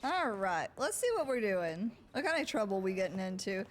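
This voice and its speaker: A woman streaming a roleplay game, chatting casually to her viewers in an animated, giggly way. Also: mid-range voice, moderate pace, slight background noise.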